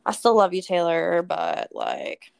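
A young woman co-hosting a podcast, chatting casually, swearing freely and ranting in animated retellings. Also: on the low side, measured pace, vocal fry, clean tone, no room sound. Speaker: podcast co-host. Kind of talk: casual chat.

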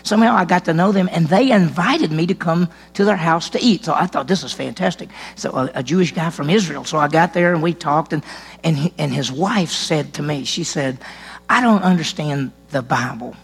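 A man's voice: on the high side, normal speed, vocal fry, breathy edge. A man preaching a sermon as senior pastor, telling a personal story in a conversational way and acting out the dialogue. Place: church sanctuary.

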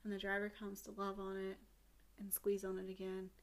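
A woman co-hosting a podcast, retelling a story in casual chat, swearing freely and acting out characters' lines in quick asides. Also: mid-range voice, monotone. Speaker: podcast co-host.

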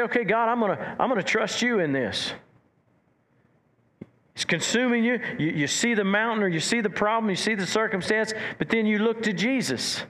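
Animated preaching man, slightly high voice. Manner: animated preaching with repeated words and acted-out quotes. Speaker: pastor. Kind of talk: sermon.

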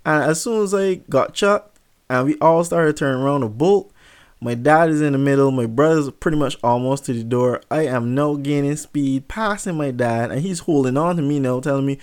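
A young man tells a funny story in a casual, animated way. His voice sits at a middle pitch. He is self-mocking and profane, recorded on a close mic. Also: moderate pace, smooth.

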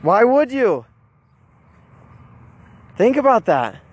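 A man telling a story in a casual monologue, animated, with frequent restarts and repeated words, recorded outdoors. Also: very high voice, slow pace, slightly rough.

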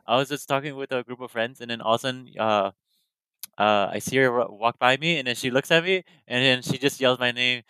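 A man telling stories on a podcast, acting out other people's lines as he goes. His voice is smooth and resonant, of middle pitch, and sits dry and close to the mic. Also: fairly quick, no room sound. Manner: animated storytelling, acting out quoted lines. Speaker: podcast guest, cosplayer. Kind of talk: casual chat.

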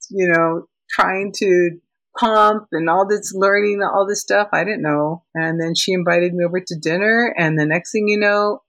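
An older woman, a podcast guest, telling animated stories in casual chat. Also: sits low, no room sound, rough recording. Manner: animated storytelling with laughs.

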